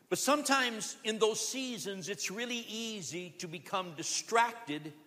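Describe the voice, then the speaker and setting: A man's voice: high-pitched, pushed and bright. A man preaching a sermon as pastor, earnest, at times acting out a beggar's pleading cries. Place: church sanctuary. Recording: long hall reverb.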